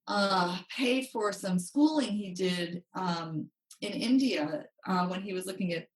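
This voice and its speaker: Speaking slowly in a mid-range voice, a woman money coach tells an animated story as a podcast guest, acting out the quotes. The recording sounds roomy, with her distant from the mic.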